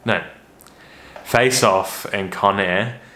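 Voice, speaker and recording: A man with a deep, low voice hosts a casual movie review vlog. His tone is bright and forceful, but his talk rambles, with stops and restarts along the way. The room around him rings with noticeable echo. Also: drawn-out words. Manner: rambling, hesitant, many restarts. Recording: roomy echo.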